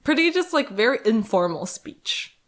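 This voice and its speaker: A woman co-hosting an anime podcast, chatting loosely and animatedly with a lot of laughter. Her voice sits a touch high for a woman. She slips into mocking voices when she sends something up. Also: sing-song, moderate pace. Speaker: podcast co-host. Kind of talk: casual anime review chat.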